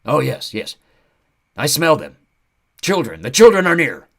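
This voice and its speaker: A man's voice: on the high side, huge pitch swings, unhurried, gravelly, pitched above the performer's own voice, exaggerated voice. A man voicing a male centaur tracker who is frantic, blunt and fixated on following a scent.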